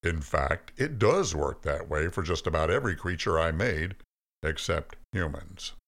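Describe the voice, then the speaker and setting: A man voicing God as an all-powerful, stern but patient father figure, explaining things in a calm, folksy way. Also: low voice, measured pace, full character voice. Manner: stern, then soft and calm.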